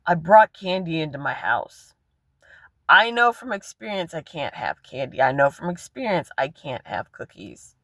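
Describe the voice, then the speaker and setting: A woman in her forties records a candid vlog from her car, rambling and swearing freely. Her voice is bright and forward. The sound is dry and close, with no room echo. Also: deep voice, big pitch swings, moderate pace. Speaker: vlogger.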